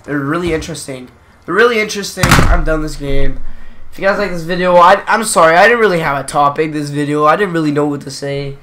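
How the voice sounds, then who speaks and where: A man rambling through casual gameplay commentary with a bright, forceful tone and a voice pitched a touch high. He drifts off topic, snaps at the game and swears when things go wrong. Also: brisk, slight background noise. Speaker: gaming channel host.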